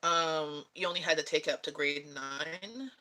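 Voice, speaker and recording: A woman's voice: sits low, moderate pace, pushed and bright, rough recording. A woman vlogger chatting casually with viewers, rambling and laughing often. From Canada. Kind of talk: casual chat answering viewers.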